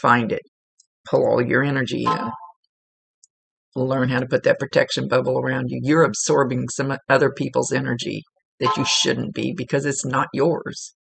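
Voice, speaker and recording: Psychic medium, woman, earnest and chatty, gravelly voice, dry close sound. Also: rumbling low, little pitch movement, moderate pace, no room sound. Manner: earnest, chatty, repeats for emphasis. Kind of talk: spirit reading, relaying messages.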